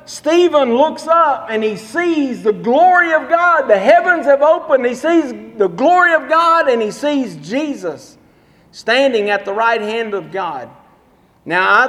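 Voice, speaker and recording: A man's voice: very high-pitched, fairly bright tone. A pastor preaching a sermon in a church, emphatic and repetitive as he tells stories and drives his points home. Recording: long hall reverb.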